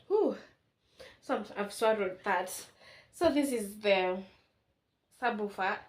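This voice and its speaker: A woman's voice: mid-range voice, extremely slow, long pauses. A Kenyan woman in her twenties, chatting casually and emotionally as she unboxes things for a home vlog. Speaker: vlogger. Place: indoors at home.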